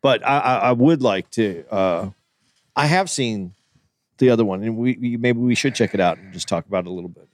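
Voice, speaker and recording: A man's voice: lowish voice, fairly quick, dry recording, studio quality. A man co-hosting a podcast, talking in an earnest, hesitant way with frequent restarts. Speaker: podcast co-host. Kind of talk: casual podcast chat.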